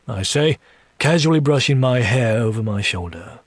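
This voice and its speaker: A man reading a first-person story aloud in an audiobook style, slow and deliberate, dropping low for menacing asides. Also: expressive, no room sound. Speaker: story reader.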